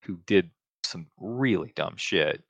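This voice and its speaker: A man co-hosting a podcast, chatting casually and explaining things at a measured pace with some hedging. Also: low-pitched, animated, vocal fry, a bit bright, breathy edge, no echo. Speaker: podcast co-host. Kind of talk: casual chat.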